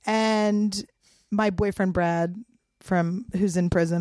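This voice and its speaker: A woman's voice: mid-range voice, steady tone, normal speed, dark tone, no room sound, clean studio sound. A woman from Philadelphia, a comedian, telling a wild story in a casual, profane way. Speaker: comedian guest.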